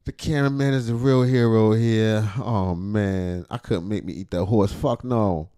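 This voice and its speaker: A man giving casual, profane reaction commentary, with loud outbursts and frequent laughter. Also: fairly low pitch, steady tone, measured pace, few pauses, clean tone, dry recording, studio quality. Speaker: reaction streamer.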